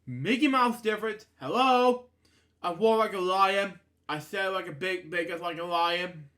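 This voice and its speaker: A man's voice: high-pitched, a little slow, bright, forceful tone. A man reading aloud and voicing a boy bully who pretends to be a lion, boasting and tripping over his words. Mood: boastful.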